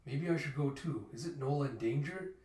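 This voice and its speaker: A man's voice: mid-range voice, normal speed, darkish tone, lightly acted. Man reading as a nervous male assistant. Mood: worried. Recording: roomy echo, mic at a distance.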